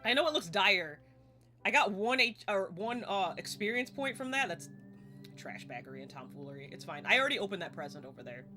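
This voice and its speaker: A young woman streaming a game live, chatting excitably, laughing and swearing casually as she plays. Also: medium pitch, a little fast. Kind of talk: live gameplay commentary. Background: faint game music.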